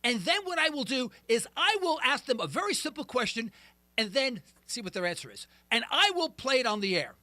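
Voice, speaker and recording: This is a middle-aged man hosting talk radio, ranting emphatically and now and then poking fun at himself. He speaks a little fast in a very high, bright, sharp voice with big pitch swings. A studio mic captures him in a close, dry recording.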